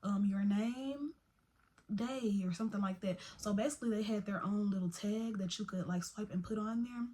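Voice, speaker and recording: A young woman telling a personal story in a casual, animated vlog style, full of slang and asides. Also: medium pitch, moderate pace, slight background noise. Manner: chatty, animated, Southern-tinged slang like "baby" and "y'all".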